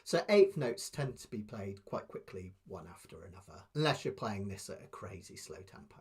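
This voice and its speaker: A man teaching a live online ukulele lesson, patiently explaining step by step and counting beats aloud softly. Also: fairly low pitch, big pitch swings, moderate pace, slightly rough.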